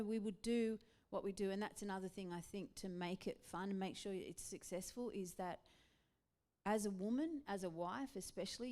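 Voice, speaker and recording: A pastor's wife with an Australian accent and a mid-range voice chats animatedly in a relaxed interview at church, laughing readily throughout.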